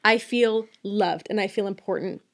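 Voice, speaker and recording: A woman's voice: mid-range voice, moderate pace, vocal fry. A young woman co-hosting a podcast, talking casually and from the heart about motherhood and faith. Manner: heartfelt, reflective. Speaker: podcast co-host. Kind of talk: casual chat.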